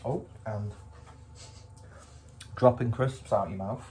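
Low-voiced man, dry and relaxed. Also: slow pace, a little hiss or hum. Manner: relaxed, dry and self-mocking. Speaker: food vlogger. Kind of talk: casual food review to camera.

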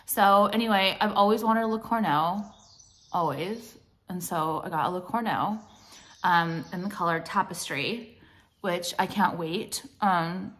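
A woman's voice: medium pitch, unhurried, fairly bright tone. A young woman talking in a casual vlog, blunt and profane, rambling with lots of fillers. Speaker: vlogger and jewelry brand owner.

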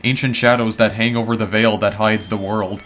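A man reading the lines of a mysterious male voice from a dream in a video game, slowly and solemnly. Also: lowish voice, flat delivery, background noise, close to an everyday voice. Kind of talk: reading game text aloud.

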